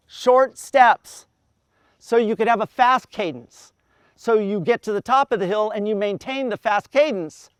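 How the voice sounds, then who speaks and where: A man with a very high speaking voice coaches a group of athletes outdoors. He explains breathing cadence patiently, counting the steps aloud in a steady rhythm. His tone is smooth and clear, with a close, dry sound. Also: dry recording. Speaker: endurance coach.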